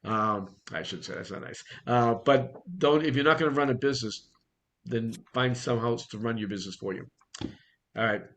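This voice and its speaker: A man's voice: mid-range voice, moderate pace, a bit bright. A middle-aged man with a Boston accent, giving a blunt, direct online coaching talk to real estate agents and repeating his key points. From Boston area.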